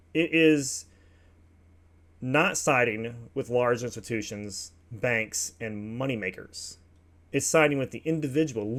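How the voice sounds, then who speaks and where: Man giving casual commentary. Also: mid-range voice. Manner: reads documents aloud then comments offhand, with asides to viewers. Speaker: opinion show host.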